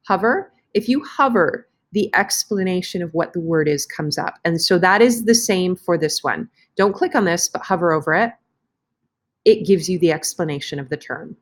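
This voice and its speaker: A woman's voice: fairly low pitch, lively intonation, normal speed. Chatty woman teacher narrating a screen lesson. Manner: casual, chatty, self-correcting while clicking around. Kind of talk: screen-recorded online lesson walkthrough. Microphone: computer mic for screen recording.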